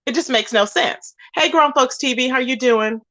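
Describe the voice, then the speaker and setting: A woman's voice: sits high, moderate pace, pushed and bright. A woman hosting a livestream, ranting indignantly and emphatically while greeting chat viewers. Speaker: livestream host. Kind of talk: heated livestream rant.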